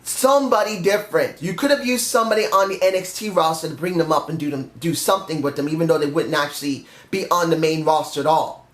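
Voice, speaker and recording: A man's voice: fairly high pitch, fast talker, fairly bright tone. A man reviewing a wrestling show on his own, ranting in frustration and stopping to correct his own slips. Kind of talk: solo review rant. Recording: echoey room.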